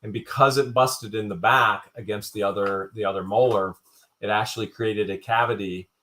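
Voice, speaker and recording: A man running a live-stream auction, his voice bright and forward as he calls the high bids loudly and trades jokes with the chat. He keeps a casual, playful patter going between the lots. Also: fairly even intonation, normal speed. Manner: joking, loud announcer-like calls. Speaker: livestream auction host.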